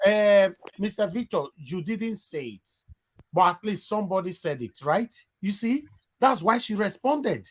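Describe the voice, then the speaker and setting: A male radio host with a Nigerian accent who moderates heated callers and slides between English and Pidgin. His voice is husky and pitched fairly high. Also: lively intonation, moderate pace. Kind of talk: phone-in talk radio.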